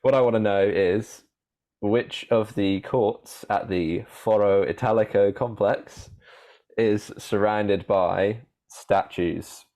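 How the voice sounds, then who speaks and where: A man co-hosting a casual podcast, running a quiz with halting, rambling talk and frequent laughter. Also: fairly low pitch, steady tone, darkish tone.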